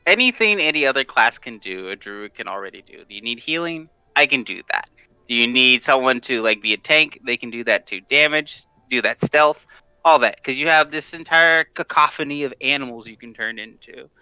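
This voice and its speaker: Upbeat male guest, bright and clear, tripping over his words. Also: mid-range voice, animated, fairly quick, no room sound, faint music behind, low-quality recording. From Washington state, USA. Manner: enthusiastic, laughs often, stammering restarts. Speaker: guest, tabletop content creator. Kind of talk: casual interview chat.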